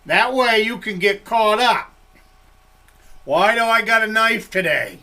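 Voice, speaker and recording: An older Maine woodsman tells rambling campfire-style stories in a folksy, chuckling way. His voice is high for a man and his pace is slow and drawn out, with a thick Maine accent. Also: lively intonation, pushed and bright. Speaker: woodsman vlogger. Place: log cabin.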